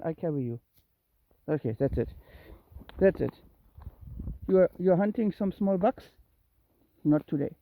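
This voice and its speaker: Coaxing pet owner vlogging outdoors on a phone; lively, gravelly, tinny phone-line sound. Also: a little slow, pauses often. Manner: coaxing, calls the kitten with high meows. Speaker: cat owner filming a kitten walk. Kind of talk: casual narration while walking. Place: outdoors in woods and grass at dusk. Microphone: handheld phone.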